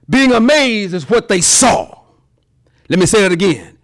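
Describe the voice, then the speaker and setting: Male pastor, high voice, very animated delivery, folksy sermon. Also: moderate pace. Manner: lively preacher acting out voices, folksy examples.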